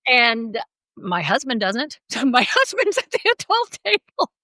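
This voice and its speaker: A middle-aged woman tells stories in easygoing podcast chat, laughing often and acting out what people said. Her voice is bright and sits fairly high. The sound is close and dry, with no room around it. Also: measured pace, no echo, rough recording. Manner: animated storyteller, laughs often, acts out quotes. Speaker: podcast co-host. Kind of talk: casual chat.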